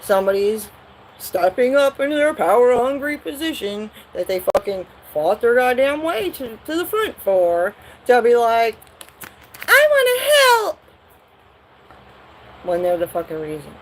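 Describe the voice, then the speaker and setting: A woman's voice: on the high side, lively intonation, normal speed, a little mellow, a little hiss or hum, rough recording. A woman doing a live tarot reading, talking bluntly and profanely in a rambling way. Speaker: tarot reader.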